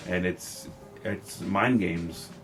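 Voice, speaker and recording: A man co-hosting a podcast, talking excitedly and profanely in a casual film review chat. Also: sits low, very slow, soft background music. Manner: excited, profane, retells scenes. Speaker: podcast co-host.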